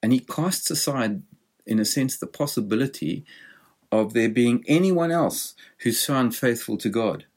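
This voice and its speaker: A man's voice: medium pitch, expressive, measured pace, a little mellow. A man preaching a sermon, explaining a scripture passage in a thoughtful, explanatory way.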